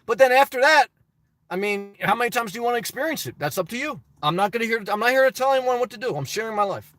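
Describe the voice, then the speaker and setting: A man's voice: very high-pitched, expressive, quick pace, fairly bright tone. A man casually reading viewer comments and answering them bluntly, rambling with restarts. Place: lives in his car.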